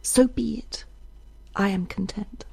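A woman's voice: medium pitch, steady tone, slow, creaky, darkish tone, breathy edge, no room sound, pitched above the performer's own voice, exaggerated voice. A woman voicing a cool, determined young woman who speaks dryly and intensely in an audiobook. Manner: dry, intense.

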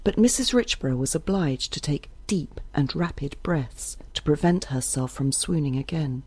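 A woman narrating an audiobook in a measured, expressive reading. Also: low voice, husky, dry recording.

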